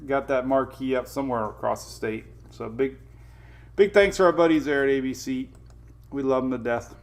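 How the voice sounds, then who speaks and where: A middle-aged man hosting a casual morning weather livestream, chatting with viewers, greeting them by name and chuckling often. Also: medium pitch.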